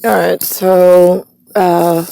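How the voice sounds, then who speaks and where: A woman's voice: on the low side, level tone, drawn-out words, vocal fry, warm tone, no echo. A woman talking in a disjointed, meandering monologue, full of fillers and stray foreign words. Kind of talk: rambling monologue.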